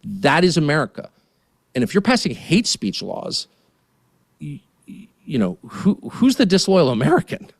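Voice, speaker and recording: A man in his fifties giving a heated, indignant political rant as a studio guest, swinging between muttered asides and near-shouts. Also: a little high, wildly swooping pitch, normal speed, gravelly, no echo. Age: 50s. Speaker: guest commentator.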